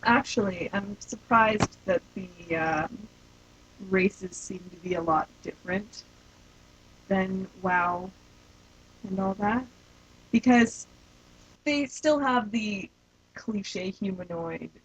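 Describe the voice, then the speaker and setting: A woman with an average-pitched voice chats as a podcast guest. She teases and laughs easily. Faint background noise sits under her voice. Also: slow, pauses often. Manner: teasing, laughs often. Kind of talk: casual chat.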